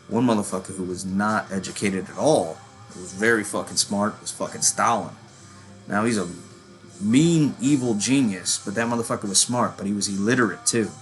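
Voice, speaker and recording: A man's voice: lowish voice, a bit bright. A man in his thirties ranting casually about metal bands, profane and rambling, calling himself a working-class hillbilly. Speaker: metal channel host. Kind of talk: casual rant.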